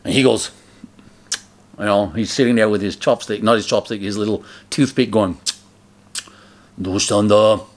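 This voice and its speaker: A man's voice: fairly low pitch, normal speed. Chatty man telling a story loosely. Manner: chatty, loose, filler-heavy, with loud acted shouts in quotes. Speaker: memoir narrator. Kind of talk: casual spoken storytelling.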